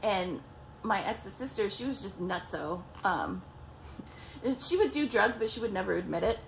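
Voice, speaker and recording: A woman's voice: mid-range voice, normal speed, vocal fry, a little hiss or hum. A young woman vlogger telling a story casually, swearing a lot and acting out what people said. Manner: profane, animated, acts out quotes.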